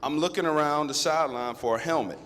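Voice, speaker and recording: A man in his thirties, a guest speaker at a school, telling a lively story straight to the students. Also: fairly high pitch, quick pace. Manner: lively, conversational, addresses the crowd directly. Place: school assembly hall. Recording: long echo of a big hall.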